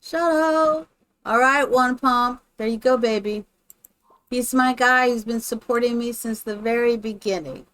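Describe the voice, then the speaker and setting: A woman's voice: a little high, fairly even intonation, moderate pace, a bit bright, dry recording. Chatty woman streaming a building game. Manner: chatty, thinks aloud, greets viewers by name. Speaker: live streamer. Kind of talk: casual live-stream commentary while building in a game.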